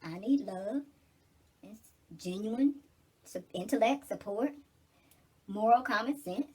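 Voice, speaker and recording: A woman's voice: medium pitch, unhurried, darkish tone, slightly rough. A middle-aged woman in casual get-ready-with-me chat, blunt, preachy and full of cursing. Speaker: vlogger.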